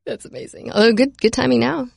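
Man podcast host, gravelly, dry sound, jokey, laughs a lot. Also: extremely high pitch, steady tone, a little mellow, no room sound. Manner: joking, laughs often, quick asides. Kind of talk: casual sports podcast chat.

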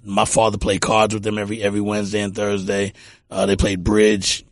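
A middle-aged Texan music producer tells warm, rambling anecdotes in a casual interview, often repeating words. His voice sits on the low side, monotone and brisk, with no echo in the recording.

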